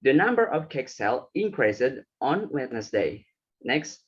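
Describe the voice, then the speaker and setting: A man's voice: medium pitch, very animated, a little slow, slightly rough, dull audio. A young man giving a class presentation, reading from slides with some hesitant fillers. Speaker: student presenter.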